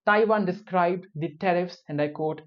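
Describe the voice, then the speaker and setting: A man's voice: high-pitched, normal speed. Man giving opinionated news commentary. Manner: opinionated, drops wry personal comments. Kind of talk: news commentary with personal asides. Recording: dull lo-fi recording.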